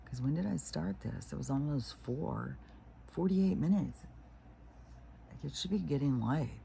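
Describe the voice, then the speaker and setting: Gravelly-voiced woman rambling casually at home. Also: low-pitched, measured pace, warm tone, slight background noise. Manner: swears freely, loose and digressive. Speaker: spiritual vlogger. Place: at home, early morning.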